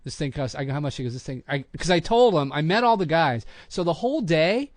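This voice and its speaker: A middle-aged man, a voice actor hosting a podcast, telling a long show-business story in a casual, animated way and acting out the quotes. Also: fairly high pitch, quick pace, no echo.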